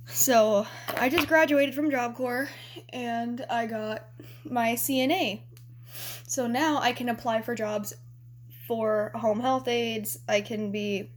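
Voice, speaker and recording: A young woman with a fairly high voice tells a story to camera in a loose, chatty vlog. She giggles often and swears without a second thought. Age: young adult. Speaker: vlogger.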